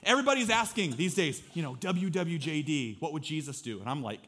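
A pastor in his thirties delivers a lively, conversational sermon, acting out small quotes from his family and congregation. His voice sits a little high and he moves at a brisk clip.

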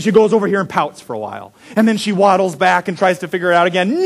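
Animated young man preaching a sermon. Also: high-pitched, fast talker, gravelly, hardly any pauses. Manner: animated storyteller, swinging from loud to hushed. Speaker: pastor.

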